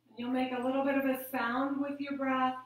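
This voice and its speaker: A woman teaching a gentle yoga class, guiding the breath in a calm, soothing way. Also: sits high, a little fast. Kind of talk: guided yoga instruction. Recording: very echoey room.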